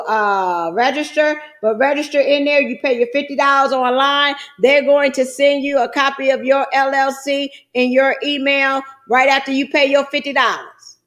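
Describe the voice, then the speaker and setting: A woman's voice: high voice, fairly even intonation, normal speed, hardly any pauses, fairly bright tone. A middle-aged woman, walking viewers through online business forms in a folksy, chatty way. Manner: folksy, chatty, calls viewers guys and child. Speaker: trucking business coach. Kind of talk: screen-share tutorial.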